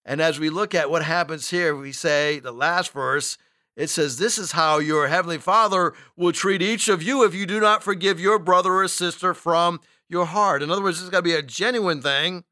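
A man's voice: on the high side, moderate pace, pushed and bright, no room sound, studio quality. A man preaching a sermon, conversational with folksy asides. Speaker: pastor.

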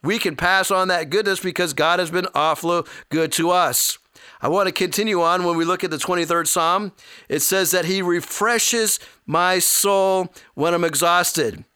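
A man's voice: sits high, moderate pace, sharp tone, clear, resonant tone, no room sound, clean studio sound. A man preaching a sermon in a folksy way, with light humor and personal stories. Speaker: pastor.

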